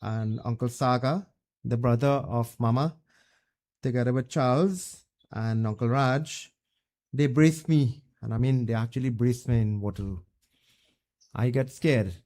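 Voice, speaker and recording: A man's voice: medium pitch, unhurried, long pauses, dark tone. A Trinidadian man, a Hindu pundit, giving a funeral eulogy and telling a religious story in a plain, conversational way.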